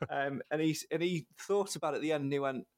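A man chats as a podcast guest, telling anecdotes and laughing easily. His voice sits a little high and has a gravelly edge. He is heard close on a dry mic. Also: fast talker, a little mellow, no room sound. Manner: chatty, anecdotal, laughs often. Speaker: podcast guest, football fan. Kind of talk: casual podcast chat.

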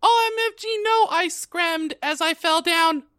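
A woman's voice: extremely high pitch, slow pace, fairly bright tone, exaggerated voice. A woman reading a gushing teenage goth girl's lines in a comedic dramatic reading, breathless and mock-girlish. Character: gushing teen goth girl narrator Ebony.

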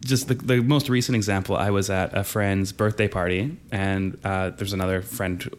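Chatty Canadian man, low voice. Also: moderate pace, a little hiss or hum. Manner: relaxed and chatty, laughs often, acts out quoted voices. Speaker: drama teacher and guest. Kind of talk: casual interview conversation.

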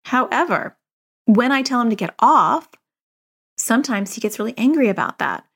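A woman's voice: on the high side, expressive, normal speed, a bit bright, slightly rough. A middle-aged woman hosting a parenting podcast, talking in a casual, chatty way full of "like" and "you know".

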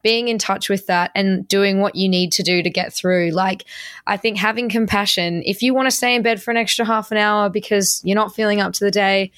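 A woman hosting a podcast, chatting casually and giving gentle advice with frequent laughs. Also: medium pitch, steady tone, a little fast, clean tone, dry recording, clean studio sound. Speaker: podcast host. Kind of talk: casual chat.

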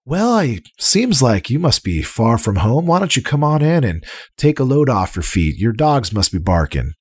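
A man's voice: medium pitch, big pitch swings, normal speed, darkish tone, breathy edge, no echo, clean studio sound, pitched above the performer's own voice. A man voicing a jovial, large human innkeeper who welcomes guests with folksy sayings. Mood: welcoming. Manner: friendly, hospitable, folksy sayings.

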